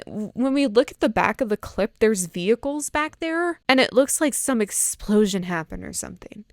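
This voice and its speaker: A woman vlogging a casual, excitable trailer reaction, gushing and rambling with lots of filler words. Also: mid-range voice, clear, resonant tone, no room sound, studio quality. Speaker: fan video creator.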